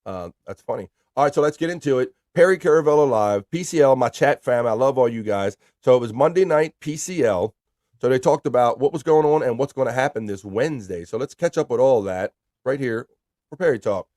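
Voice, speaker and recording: A man's voice: medium pitch, lively intonation, brisk, darkish tone, no echo, clean studio sound. A man hosting a live stream in casual chat, reading viewer messages aloud in an upbeat, chatty way.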